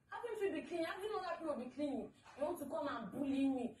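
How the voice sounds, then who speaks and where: A woman's voice: sits high, lively intonation, fast talker, hardly any pauses, darkish tone. A woman with a Nigerian accent, a reality show housemate, ranting angrily and swearing at someone in a shared house. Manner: angry, swearing, insulting. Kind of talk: heated rant. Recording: roomy, distant house mic.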